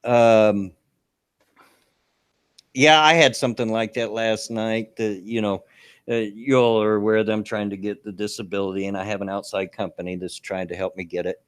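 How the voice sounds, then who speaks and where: A man's voice: on the low side, steady tone, normal speed, clean tone. An older man co-hosting a casual online radio chat, folksy and rambling with many fillers. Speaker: co-host.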